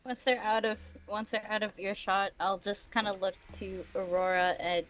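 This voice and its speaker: A woman's voice: mid-range voice, steady tone, normal speed, hardly any pauses, a bit bright, lo-fi sound, a little hiss or hum. A woman player describing her character's actions, wry and a little awkward. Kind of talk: describing a character in a tabletop game.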